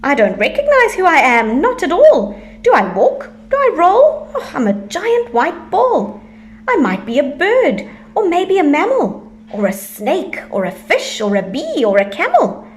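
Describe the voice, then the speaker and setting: A woman voicing a small, excitable baby elephant who wonders what animal it is, in a high, bouncy voice. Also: measured pace, heavily acted. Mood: puzzled.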